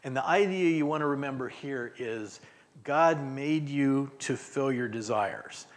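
A man's voice: mid-range voice, a little slow. Man, guest preacher, casual interactive sermon, church setting, chuckles between points. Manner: conversational, acts out prayers in voices, chuckles often. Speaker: guest speaker. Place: church sanctuary.

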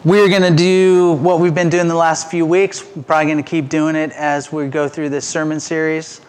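A man preaching to his church congregation in a relaxed, conversational way, with fillers and restarts, slowing into deliberate pauses. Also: on the high side, clean tone. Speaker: pastor. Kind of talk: informal sermon to a congregation. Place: church sanctuary with rows of seats.

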